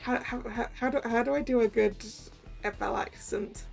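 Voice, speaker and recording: A woman's voice: fairly high pitch, fairly even intonation, normal speed, vocal fry, a little mellow, soft background music. A woman streaming a game, chatting and giggling as she comments between reading its lines aloud. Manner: giggly, chatty, self-correcting. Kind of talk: let's-play commentary.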